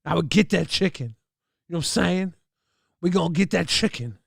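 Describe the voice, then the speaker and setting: A man on a livestream spins a profane, exaggerated comic tale in a boisterous way. His voice sits high and carries a gravelly fry. It sounds dry and close, with no room around it. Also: animated, normal speed, no room sound. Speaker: livestream host. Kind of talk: comic storytelling to chat.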